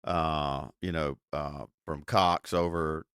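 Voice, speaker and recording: A man's voice: very deep voice, slow, hardly any pauses, fairly bright tone, clear, resonant tone, no room sound, clean studio sound. A man co-hosting a casual radio-style podcast, rambling and laid-back with plenty of fillers. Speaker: podcast co-host. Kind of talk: casual radio-show chat.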